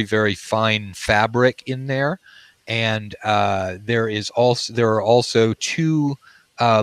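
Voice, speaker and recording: A man's voice: lowish voice, fairly bright tone, dry recording. A man narrating as game master, describing scenes in a loose, conversational way.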